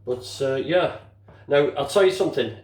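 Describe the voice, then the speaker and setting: A home cook, an older man, talks casually while demonstrating a dish in his home kitchen, muttering and swearing mildly as he goes. He speaks at normal speed in a medium-pitched, darkish voice. The recording echoes around the kitchen, with dishes and utensils clinking behind him.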